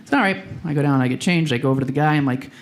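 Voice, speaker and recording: A woman's voice: deep voice, rapid-fire, slight background noise. Woman doing self-deprecating stand-up. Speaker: stand-up comedian. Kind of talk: stand-up routine. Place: comedy stage with audience.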